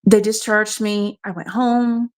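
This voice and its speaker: A woman's voice: medium pitch, fairly even intonation, slow pace. A woman from South Carolina, frankly recounting a personal ordeal as a radio show guest. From South Carolina, USA. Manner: frank, matter-of-fact storytelling. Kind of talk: personal testimony.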